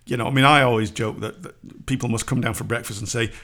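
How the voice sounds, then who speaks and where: A man's voice: medium pitch, steady tone, fast, fairly bright tone. A middle-aged man co-hosting a podcast in a rambling, self-deprecating chat, laughing often. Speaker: podcast co-host. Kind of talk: casual chat.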